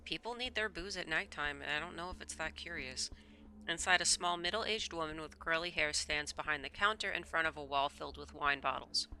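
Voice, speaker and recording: A woman's voice: low voice, fairly quick, bright, forceful tone, a little hiss or hum. A woman streamer reading a visual novel aloud, breaking off into rambling asides full of stammered repeats.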